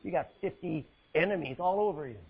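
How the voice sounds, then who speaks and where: A male preacher delivering an emphatic sermon, swinging from loud, high calls to low, hushed lines. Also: a little fast, creaky, husky, highs cut off.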